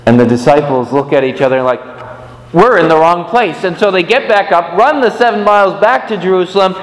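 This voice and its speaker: Animated male preacher in an echoey church. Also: fast. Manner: animated storytelling with big pitch swings. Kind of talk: sermon.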